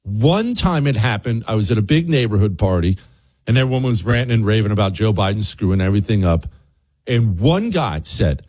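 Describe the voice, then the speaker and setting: A man's voice: fairly low pitch, lively intonation, brisk, darkish tone, husky. A man hosting a political talk show, delivering an indignant, emphatic monologue that repeats its points for emphasis. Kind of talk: opinion monologue.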